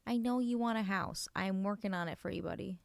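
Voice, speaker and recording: A woman streamer chatting casually while she plays a video game, gushing over cute things and often dropping to a soft near-whisper. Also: mid-range voice, fairly quick, vocal fry, no echo. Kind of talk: casual let's-play chat.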